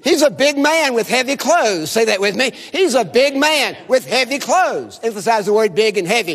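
Lively, high-voiced preaching man. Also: normal speed, few pauses, in a large hall. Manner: animated, has the audience repeat phrases. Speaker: visiting preacher. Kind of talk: sermon. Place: chapel service.

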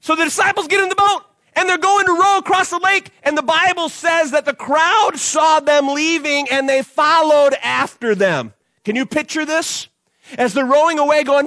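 A man preaching an animated youth sermon, acting out the disciples and crowd as he tells the story. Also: extremely high pitch, moderate pace, no room sound. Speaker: youth pastor.

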